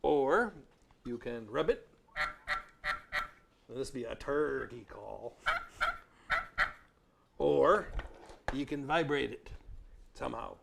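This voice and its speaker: A man's voice: medium pitch, lively intonation, slow pace, gravelly, pauses often, background noise. A man teaching science on a live call-in TV show, playfully dropping into pirate talk. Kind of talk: live TV lesson. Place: TV studio.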